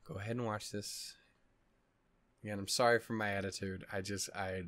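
A man's voice: on the low side, fairly even intonation, normal speed, fairly bright tone, no echo. Tired, swearing man in a dry close-mic vlog. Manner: tired, upset and swearing, rambling with restarts. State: tired, yawning. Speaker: anime reaction channel host. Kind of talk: casual reaction vlog chat.

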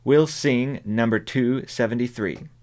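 A man reading the part of a church song leader, lining out hymn words slowly and drawn out. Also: mid-range voice, darkish tone, close to an everyday voice. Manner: slow, drawn-out.

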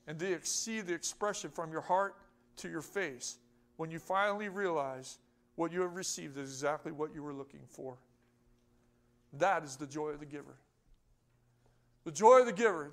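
High-voiced emphatic male preacher. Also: a bit bright. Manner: emphatic preaching that rises and falls, with rhetorical questions to the congregation. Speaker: pastor. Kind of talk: sermon.

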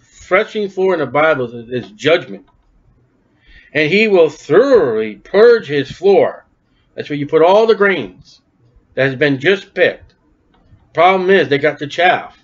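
A man preaches with a folksy, emphatic style and throws questions out to his congregation as he goes. His voice sits fairly high, and the recording sounds dull and lo-fi. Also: lively intonation, measured pace, pauses often. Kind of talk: sermon.

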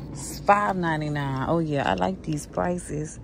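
A woman's voice: low voice, a little slow, vocal fry, noisy background. A woman chatting through a store walkthrough, talking to viewers as "y'all" and "baby" while reading out prices, recorded on a handheld phone. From Southern United States. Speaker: shopping vlogger. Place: inside a retail store.

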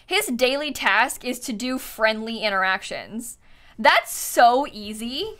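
A chatty woman streamer talks through her game with a bright, crisp tone and a lively voice that swings up and down. She laughs often and thanks viewers as she goes, with soft music playing behind her. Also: on the high side, takes it slowly. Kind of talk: casual live-stream game commentary. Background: faint background music.

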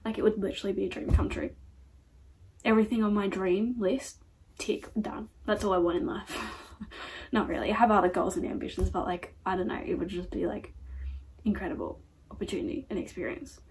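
A woman's voice: mid-range voice, brisk, darkish tone, breathy edge, low-quality recording. Rambling young woman vlogging at home. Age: young adult. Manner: rambling, filler-heavy, talking to her dog. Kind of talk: casual late-night vlog chat. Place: home bedroom.

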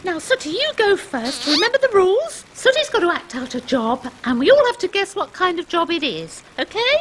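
A woman in a scripted children's TV comedy, gently scolding and teasing a grumbling co-host. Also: extremely high pitch, sing-song, brisk. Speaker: children's TV co-presenter.

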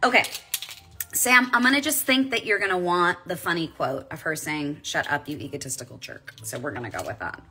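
A woman's voice: lowish voice, expressive, a little fast, pushed and bright, soft background music. A woman in her forties, a voice actress chatting casually on a live stream while signing autographs and reading fan comments aloud. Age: 40s.

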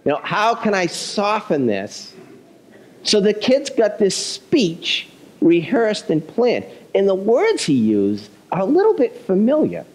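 A male pastor delivering a conversational, self-deprecating sermon, telling a story with animated delivery. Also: sits high, takes it slowly, rough recording.

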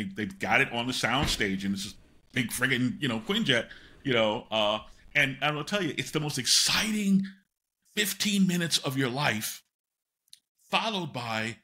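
Older male guest, animated anecdote-teller, bright tone, lots of fillers. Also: mid-range voice, moderate pace. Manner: animated, rambling anecdotes with many fillers and self-interruptions. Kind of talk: storytelling in a podcast interview.

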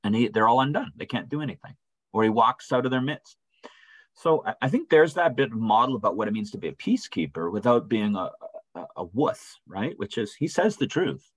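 A man with a slightly husky voice teaches a church Bible study in a relaxed, conversational way. His pitch moves a lot as he acts out the quoted voices. The sound is close and dry. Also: dry recording, rough recording. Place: church room.

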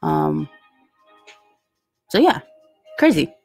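A woman's voice: medium pitch, wildly swooping pitch, very slow, creaky, a little mellow, breathy edge, no room sound, faint music behind. A woman hosting a casual live stream, chatting and rambling with lots of fillers as she reads out viewer comments. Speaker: livestream host reading viewer chat.

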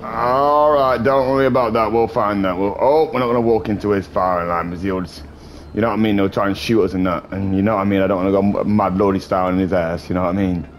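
A man's voice: on the low side, steady tone, fast talker, slight background noise. A man casually commentating his gameplay, joking, swearing and bantering with viewers. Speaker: gaming streamer.

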